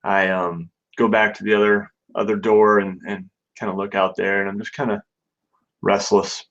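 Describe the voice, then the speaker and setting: A man's voice: lowish voice, little pitch movement, moderate pace, a bit bright, muffled recording. A man playing a tabletop game, hesitantly describing what his character does. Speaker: player.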